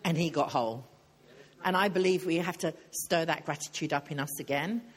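A woman's voice: deep voice, brisk, a little hiss or hum. An older woman preaching a sermon in a chatty, joking way, putting questions to her audience.

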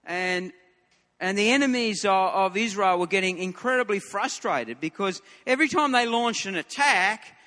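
A man's voice: high-pitched, normal speed, pushed and bright, long reverb tail. A man preaching a sermon in an earnest way, often repeating words as he starts a new thought.

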